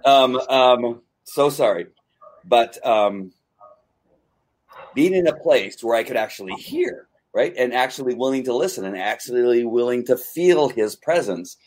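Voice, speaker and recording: A man hosting a conversation, telling a personal faith story in an earnest, halting way with many restarts. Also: mid-range voice, animated. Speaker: podcast host. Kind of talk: personal testimony in casual conversation.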